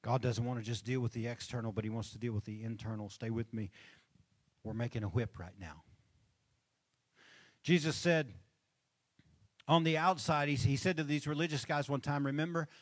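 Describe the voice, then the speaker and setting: A man with a medium-pitched voice speaks at a normal speed and pauses often as he preaches from a church stage. His sermon is conversational; he calls on the congregation for amens and chuckles between points.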